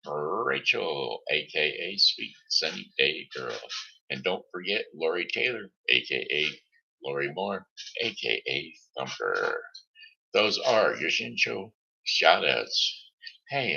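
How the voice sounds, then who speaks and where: A man hosting his own homemade live show, stammering and restarting as he reads out shout-outs and the weather. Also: very deep voice, gravelly, breathy edge, lo-fi sound. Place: home setting.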